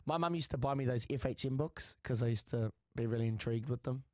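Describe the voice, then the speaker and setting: A young man with a New Zealand accent, co-hosting a podcast and telling stories in a crude, slangy, animated way. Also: medium pitch, quick pace, no echo, clean studio sound. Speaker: podcast co-host. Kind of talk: casual podcast chat.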